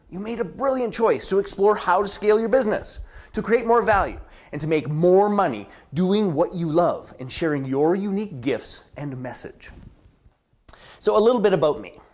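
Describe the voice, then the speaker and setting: A business strategist delivers a scripted promotional address in a medium-pitched, lively voice at normal speed. His delivery is dramatic, dipping into whispers for emphasis as he acts out contrasting inner and outer voices.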